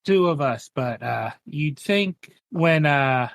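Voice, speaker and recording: A man's voice: a little high, expressive, slow pace, creaky, no echo, full character voice. A man voicing a bitter, down-on-his-luck young man, half gooey creature, who rambles in a wry, self-mocking way.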